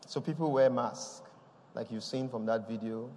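A man preaching a lively sermon, often laughing and calling out praise. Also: mid-range voice, normal speed. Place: church. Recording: long hall reverb.

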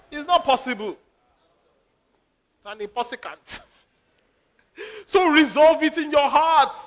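A man preaching a sermon as a pastor, animated, laughing and acting out quotes. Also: extremely high pitch.

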